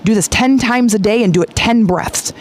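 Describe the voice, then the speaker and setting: A woman's voice: fairly high pitch, normal speed, slight background noise. Woman, podcast host, spiritual coach, chatty, upbeat, casual teaching, acts out listeners' inner voices, faint background ambience. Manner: casual with occasional swearing.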